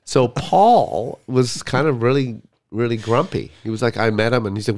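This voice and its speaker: A man's voice: mid-range voice, normal speed, darkish tone. A middle-aged man, a comedian, telling a story casually and acting out the quotes. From Canada. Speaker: comedian guest.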